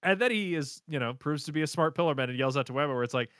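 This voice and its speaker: A man co-hosting a casual podcast, animatedly retelling an anime plot with quick voice impressions and laughter. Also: a little high, a bit bright, clear, resonant tone, no room sound, studio quality. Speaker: podcast co-host recapping an anime. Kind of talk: casual chat.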